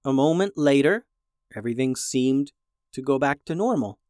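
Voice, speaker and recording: Lively storyteller reading to kids, dry sound. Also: moderate pace, no echo. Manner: lively storyteller, switches pitch for character voices. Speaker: children's story podcast host. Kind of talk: reading a children's story aloud.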